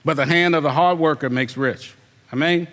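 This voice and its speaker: A man with a fairly high, fairly bright voice preaches as an elder at normal speed, the sound filling a big room. He's emphatic and repetitive, keeps firing rhetorical questions at the congregation, and mocks lazy excuses by putting on voices.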